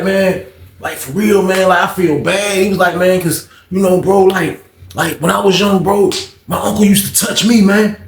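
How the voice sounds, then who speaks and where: A young man telling a story from his life in a casual, slangy way, acting out the dialogue as he goes. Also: sits high. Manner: slangy, animated retelling with quoted dialogue. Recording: roomy echo.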